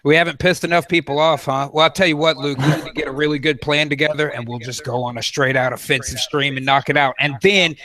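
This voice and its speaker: A man's voice: on the high side, fairly even intonation, fast talker, few pauses, bright, forceful tone. Laughing, cursing man co-hosting a stream. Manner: laughing, swears freely. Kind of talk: casual live-stream chat.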